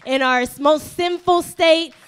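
A woman pastor preaching a sermon, animated and humorous, repeating phrases for emphasis and acting out voices of people in the story. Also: high-pitched, a little slow.

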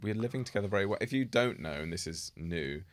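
Low-voiced chatty podcast co-host man. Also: animated, fast, no room sound. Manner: chatty, self-deprecating, overthinking. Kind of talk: casual chat. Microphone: studio podcast mic.

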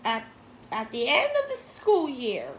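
A woman's voice: a little high, wildly swooping pitch, measured pace, pitched above the performer's own voice. A woman voicing a stern, grumpy female teacher close to retirement, barking orders at her class. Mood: snappy. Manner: bossy, shouting orders at the class. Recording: roomy echo, faint noise.

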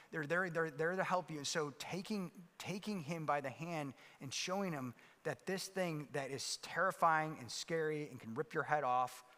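A man's voice: fairly high pitch, sharp tone. A man preaching a sermon as pastor, telling stories in a loose conversational way with many fillers and restarts. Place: church sanctuary. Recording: long hall reverb.

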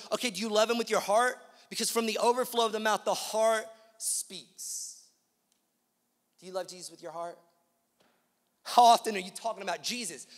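A man preaching in a large church auditorium, his voice sitting high for a man. He swings between hushed lines and loud, emphatic repetition, asking the congregation direct questions. His words ring out with a long reverb off the hall. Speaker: pastor. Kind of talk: sermon.

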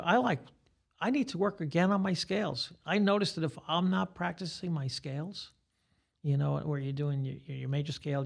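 An older man, a guitar teacher, talking in a relaxed podcast chat and rambling through examples as he explains. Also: fairly high pitch, vocal fry. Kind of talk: casual podcast conversation.

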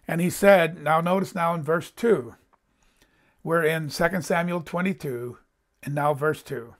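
A male preacher with a notably high voice delivers a sermon. He is earnest and emphatic, lingers on each scripture phrase, and keeps asking his listeners direct questions. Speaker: pastor.

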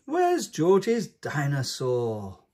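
A man puts on a little girl piglet from a storybook. She has a high, lifted voice and asks her questions in slow, sighing drawls. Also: wildly swooping pitch, dark tone, exaggerated voice. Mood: curious.

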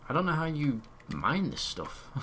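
With a fairly high voice and huge swings in pitch, a young let's play gamer narrates his gameplay unhurriedly, chatty and muttering repeated words to himself. His home recording has loud keyboard typing and a little hiss or hum.

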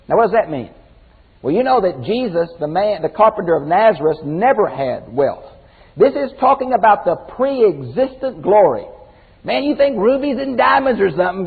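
An older man teaching the Bible as a pastor, folksy and animated, swinging from loud exclamations to quiet emphasis. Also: high voice, moderate pace, creaky, breathy edge. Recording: phone-like audio with long hall reverb.

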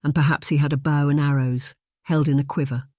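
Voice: mid-range voice, level tone, fairly quick, dry recording, studio quality, close to an everyday voice. A narrator doing a polite young lady. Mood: earnest. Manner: gentle, formal, old-fashioned.

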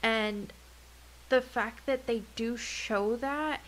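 Animated young woman podcast host. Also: takes it slowly, slight background noise, low-quality recording. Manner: animated, swearing, jumps pitch when excited. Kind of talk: casual podcast chat.

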